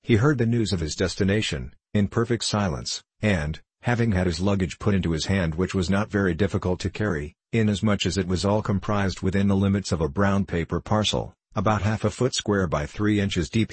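A deep-voiced man reads a classic novel aloud in a measured audiobook style. His voice is husky, and the recording is close and dry. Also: dry recording. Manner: measured, even reading. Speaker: narrator.

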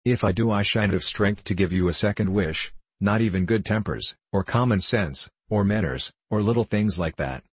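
Man doing grumpy old sand fairy, storybook, gruff offhand mutter, very low, husky. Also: moderate pace, few pauses, no room sound. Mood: grumbling.

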